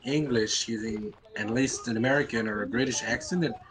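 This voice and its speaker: A man's voice: medium pitch, fairly quick, crowd noise, rough recording. Dry teasing gamer man. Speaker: co-streamer. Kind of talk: live gameplay chat.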